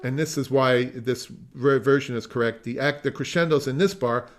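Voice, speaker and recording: A man's voice: mid-range voice, fairly even intonation, normal speed. A man teaching a music masterclass over a video call, explaining at length, trailing off into asides and singing phrases to demonstrate them. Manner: explanatory, digressive, sings phrases.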